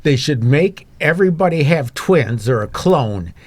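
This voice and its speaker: A man's voice: on the high side, expressive, a little slow, no room sound. A man chatting and joking on a talk show, rambling with restarts. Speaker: show regular. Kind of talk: casual comedic chat.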